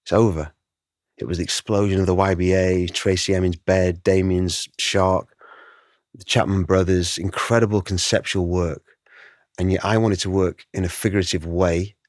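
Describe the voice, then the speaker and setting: A middle-aged man, a guest artist, telling his story in an interview, animated and emotional, acting out the voices he quotes. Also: low voice, normal speed, no echo, studio quality.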